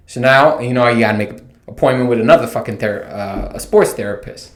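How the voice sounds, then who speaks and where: A man's voice: medium pitch, brisk. A man hosting a podcast, telling a profane, exasperated comic rant in a casual way. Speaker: podcast host. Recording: roomy echo.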